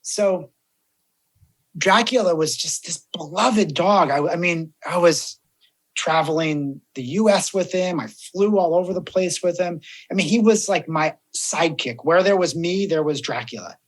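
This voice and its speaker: A man's voice: on the high side, unhurried. A man, a death doula, chatting casually as a guest and acting out the voices of people he quotes. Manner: animated storyteller, acts out quoted voices. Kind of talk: casual podcast chat.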